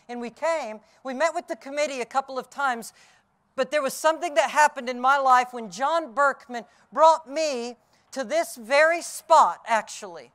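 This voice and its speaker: A middle-aged man preaching an Easter sermon outdoors, telling the story vividly and dropping from loud cries to hushed tones. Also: very high voice, moderate pace. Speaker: pastor. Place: outdoors on a hilltop.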